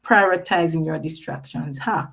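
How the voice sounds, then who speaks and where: A woman with a somewhat low voice hosts a live-streamed panel talk. She leans hard on her key points, repeating phrases for emphasis. She also breaks off to read viewer comments aloud. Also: moderate pace, vocal fry, fairly bright tone, poor audio. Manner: reads out viewer chat comments. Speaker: host.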